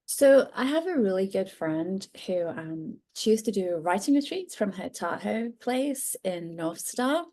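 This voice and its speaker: A woman's voice: medium pitch, animated, unhurried, few pauses, mellow. A woman author with a British accent, a guest on a podcast, talking in a bubbly way and laughing easily. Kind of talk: casual interview.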